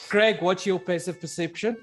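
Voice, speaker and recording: A man narrating as game master, unhurried, often pausing on "uh" as he sets scenes and calls for rolls. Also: sits high, fairly even intonation, faint music behind. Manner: unhurried, with frequent "uh" pauses.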